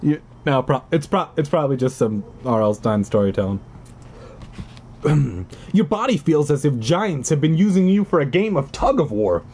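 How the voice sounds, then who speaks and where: A man reading a choose-your-path book aloud, animated, with sarcastic asides. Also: fairly high pitch, moderate pace, a little hiss or hum.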